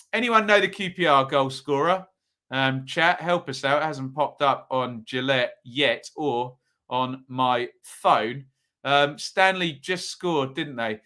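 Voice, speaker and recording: Man, live football streamer, talks to his chat, crisp forceful tone, slightly high voice. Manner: chatty, addresses live chat with rhetorical tag questions.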